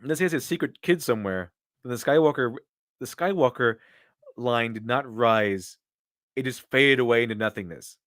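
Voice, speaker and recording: A man's voice: medium pitch, moderate pace, a bit bright, no room sound, studio quality. A man doing casual live-stream commentary and answering viewer donations, with rambling, opinionated talk full of restarts.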